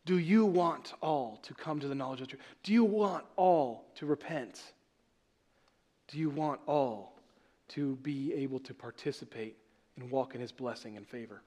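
A man preaching a sermon as pastor, emphatic, asking rhetorical questions and swinging from loud to soft. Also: medium pitch, normal speed.

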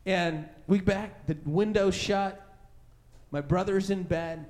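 Man pastor with a high, youthful-sounding voice, preaching casually and acting out his stories with lots of energy. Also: slow pace. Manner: animated storytelling, acting out scared voices; conversational, many fillers like "right?" and "like". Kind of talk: sermon with personal story.

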